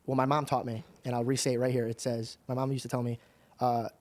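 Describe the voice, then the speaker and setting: A man's voice: mid-range voice, flat delivery, fast, a little mellow. A man hosting a podcast who tells earnest personal stories in a casual, slangy way. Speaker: podcast host.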